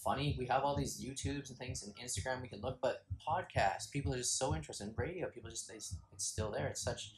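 A man talking as a podcast guest in a casual, rambling way, his pitch jumping up on certain words. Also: quick pace, few pauses, reverberant. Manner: rambling, with sudden jumps in pitch. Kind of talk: casual conversation. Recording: noisy background hiss.

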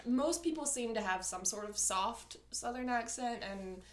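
A woman's voice: a little high, measured pace. A young woman from South Carolina with a General American accent, chatting casually with a friend and laughing often. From South Carolina, USA. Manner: laughs often, relaxed storytelling. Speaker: guest friend. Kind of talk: casual chat.

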